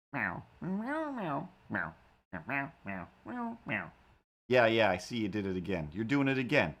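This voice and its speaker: A man hosting a casual livestream, rambling and talking to his streaming software and his animated cat helper. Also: lowish voice. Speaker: livestream host and cartoonist.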